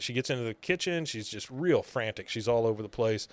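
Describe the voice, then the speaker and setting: A man's voice: medium pitch, expressive, a little fast, no echo. A man co-hosting a podcast, casually recapping a cartoon episode and acting out lines with laughs. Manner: retells scenes, acting out characters' lines with laughs. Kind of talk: casual chat.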